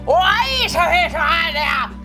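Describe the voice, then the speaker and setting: A woman's voice: extremely high pitch, a little slow. A woman voicing a frantic, shrieking ancestor spirit in a board game. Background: music.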